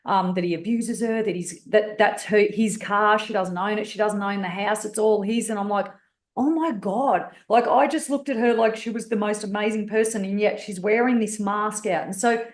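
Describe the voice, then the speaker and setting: A woman's voice: mid-range voice, fairly even intonation, moderate pace, roomy sound. A woman with an Australian accent telling her life story candidly as a podcast guest, blunt and swearing freely. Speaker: guest speaker and author.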